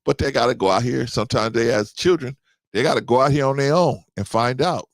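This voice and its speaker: A man's voice: mid-range voice, brisk, no room sound. A man of about fifty hosting a casual podcast, talking straight to his listeners, repeating himself and often asking "right?". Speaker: podcast host.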